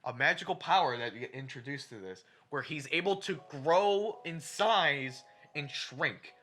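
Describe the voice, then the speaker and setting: A man's voice: a little high, animated, a little slow, sharp tone. A male podcast co-host rants his way through a film recap, swearing freely. His voice climbs and drops all over the place. Music plays steadily underneath him. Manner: profane, ranting movie recap. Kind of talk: casual chat.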